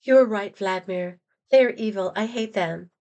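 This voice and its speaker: A woman's voice: medium pitch, normal speed, dark tone, natural voice. A woman reading aloud the part of a dazed, pleading female prisoner who is a spy, in an earnest storybook voice.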